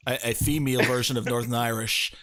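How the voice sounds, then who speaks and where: A man's voice: mid-range voice, fairly even intonation, quick pace, fairly bright tone. A man hosting a podcast, chatting casually, rambling and hesitant. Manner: rambling, hesitant, self-deprecating. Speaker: podcast host.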